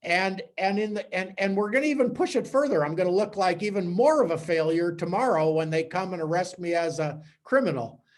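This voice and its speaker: A man, a priest, giving a conversational teaching talk to a small group with animated storytelling. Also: high-pitched, brisk, few pauses.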